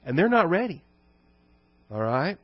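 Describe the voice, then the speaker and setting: A man preaching an expository sermon to his congregation, teaching conversationally and reading scripture quotes slowly and low. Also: sing-song, dry recording. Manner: conversational teaching with rhetorical questions. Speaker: pastor. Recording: dull dry recording.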